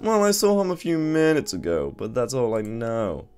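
A man puts on a posh, haughty butler voice for a game character. It sits high and swoops with lively pitch. Light music plays faintly behind. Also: moderate pace, clear, resonant tone. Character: posh male butler and chef.

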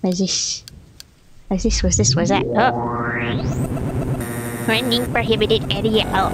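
A woman's voice: medium pitch, big pitch swings, slow pace, pauses often, very noisy. A woman playing a video game and chatting casually, swearing, laughing and reading dialogue choices aloud. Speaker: gameplay streamer. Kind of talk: casual let's play commentary. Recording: game music behind voice.

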